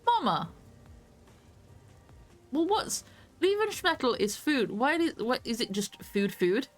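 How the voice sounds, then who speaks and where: A woman's voice: sits high, big pitch swings, slow pace, faint music behind. A woman streamer chatting and swearing casually as she plays a video game live. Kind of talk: live gameplay commentary.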